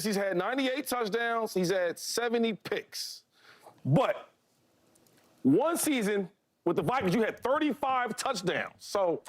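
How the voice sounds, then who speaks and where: A man on a sports debate panel jokes and argues in loose, colloquial speech. His high voice swoops up and down in lively swings. The sound is dry and close. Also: no room sound. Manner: animated, joking, colloquial.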